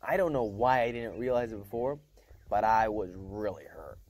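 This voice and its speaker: A man's voice: lowish voice, lively intonation, moderate pace, a little mellow. A man reading a novel aloud in a casual first-person storytelling manner, with small slips and restarts. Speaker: reader.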